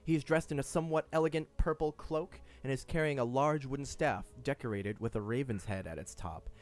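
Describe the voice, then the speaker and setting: A man's voice: medium pitch, fairly quick. A man narrating as game master of a tabletop game, describing scenes and laughing easily with his players.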